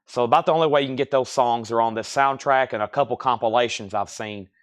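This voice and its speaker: A man with a Southern US accent hosting a live record sale, reeling off titles and prices in a steady, folksy sales patter. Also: mid-range voice, quick pace. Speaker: host selling records on a livestream. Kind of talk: live sales stream, casual chat.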